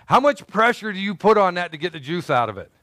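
A man preaching a sermon as pastor, animated and joking with the congregation. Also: high voice, fast, no room sound. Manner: animated, jokey, talks to congregation.

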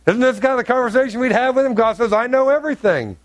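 A man's voice: very high-pitched, steady tone, racing, no echo. A male pastor preaching an emphatic sermon, acting out voices in his examples. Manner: emphatic preaching with acted-out dialogue.

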